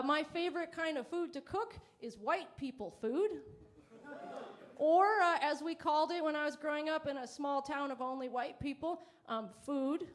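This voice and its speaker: A woman performing a stand-up comedy set on stage, deadpan and self-mocking, acting out little quoted exchanges. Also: sits high. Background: audience laughter.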